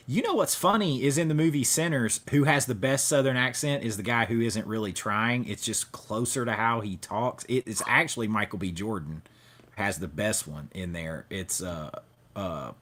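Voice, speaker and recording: A man's voice: lowish voice, a bit bright. Joking man hosting a livestream. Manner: loose, joking, thanks viewers for super chats. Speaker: livestream host. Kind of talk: casual chat.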